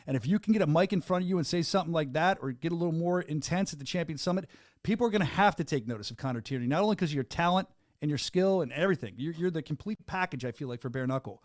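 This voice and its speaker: A man hosting a podcast interview, talking fast and excitably in a casual chat from a studio booth. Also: on the high side, no room sound. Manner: fast, excitable and upbeat, with frequent restarts. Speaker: podcast host interviewing a fighter.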